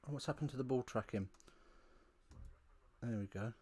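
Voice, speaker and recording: A man's voice: mid-range voice, normal speed, mellow, husky. A man hosting a live rugby watch-along from home, chatting casually with rambling, wry asides.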